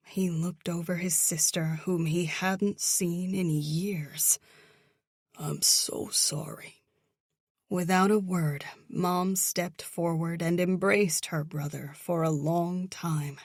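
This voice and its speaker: A woman narrating a thriller audiobook in a slow, measured, somber manner, close to the mic. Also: fairly low pitch, steady tone, a little mellow, no echo. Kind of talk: scripted narration.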